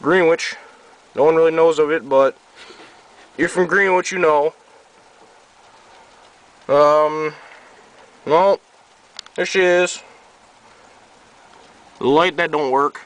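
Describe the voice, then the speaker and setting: A young New Yorker with a faint Southern lilt, sounding a little sick, shows off his truck to a handheld camera outside in the cold. His voice sits a little high and stays steady and fairly bright, and he talks slowly with frequent pauses, rambling offhandedly and swearing casually. The audio quality is poor.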